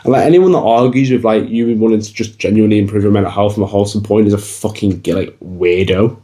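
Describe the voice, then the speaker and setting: A man's voice: fairly low pitch, fast, warm tone. A young man gives blunt, casual fitness advice to the camera, swearing freely and calling the viewer bro. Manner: blunt, swears a lot, says bro often. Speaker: fitness vlogger. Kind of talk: casual motivational talk to camera.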